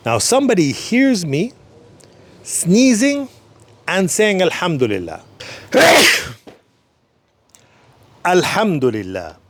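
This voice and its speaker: A man teaching a short religious lesson, calm and patient, who repeats each phrase again more slowly so the listener can follow. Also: high-pitched.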